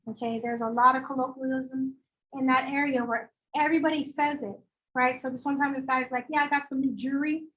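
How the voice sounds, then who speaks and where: A woman teaching a high school English lecture, chatty and animated, acting out quoted voices as she explains. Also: low-quality recording. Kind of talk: classroom lecture.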